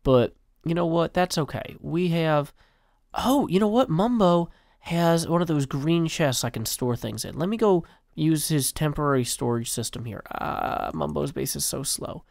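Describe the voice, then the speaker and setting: A man's voice: on the high side, lively intonation, moderate pace, vocal fry, a little mellow, no echo, clean studio sound. A man in his forties giving casual, rambling, self-mocking gameplay commentary. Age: 40s. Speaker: game video host.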